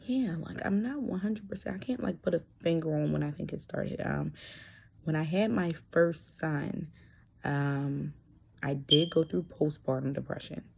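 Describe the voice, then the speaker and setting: A woman's voice: deep voice, unhurried, gravelly, warm tone, slightly rough. A young adult woman talking candidly in a personal vlog, hesitant, with many fillers and restarts. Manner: candid and earnest. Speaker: vlogger.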